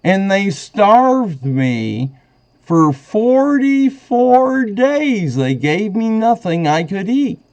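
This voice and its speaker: Guy on a phone call, slow draggy talk swinging way up and down, rambly and worked up, muffled lo-fi line. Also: sits high, sing-song, darkish tone. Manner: rambling, agitated, wavering between indignation and choked-up emotion. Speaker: caller to a sheriff's office. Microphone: phone call recorded on his end.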